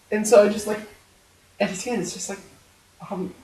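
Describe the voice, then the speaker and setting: A man's voice: sits high, unhurried, darkish tone. A man in his twenties chatting as a podcast guest, swearing and laughing as he talks. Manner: swears, laughs while talking. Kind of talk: casual chat. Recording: echoey room.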